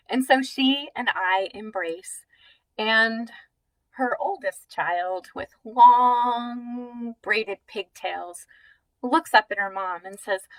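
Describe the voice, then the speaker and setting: A woman telling a true personal story in a vivid, expressive, descriptive way. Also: a little high, slow, no echo, low-quality recording.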